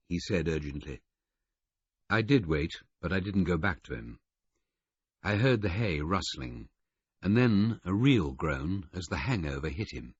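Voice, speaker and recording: A man narrating a first-person audiobook with a husky voice and a measured, understated delivery. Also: very deep voice, animated, no room sound. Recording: muffled lo-fi recording.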